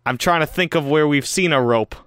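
A man's voice: a little high, fairly quick, fairly bright tone, clear, resonant tone. A man playing in a tabletop horror game, dry and sarcastic. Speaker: player.

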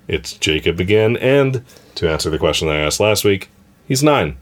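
A man's voice: deep voice, expressive, moderate pace. A man hosting a casual podcast chat, reading listener emails and laughing often. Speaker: podcast host.

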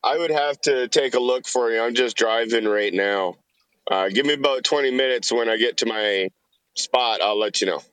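A man's voice: mid-range voice, normal speed, fairly bright tone, clean tone, poor audio. A man calling into a podcast while driving, talking in a blunt, opinionated way. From Canada. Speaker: caller.

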